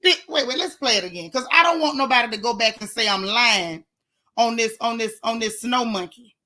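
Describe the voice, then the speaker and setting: Woman gossip host, fired-up sarcastic commentary, bright voice pitched a bit high, addressing the audience directly. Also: brisk. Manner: indignant, sarcastic, talks straight to viewers. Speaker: gossip vlogger. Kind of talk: casual commentary.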